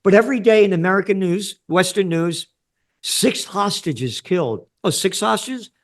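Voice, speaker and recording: A man's voice: sits high, animated, normal speed. A man in his seventies with a New York accent, a guest in an interview who talks bluntly and emphatically and swears freely. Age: 70s. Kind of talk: conversational interview.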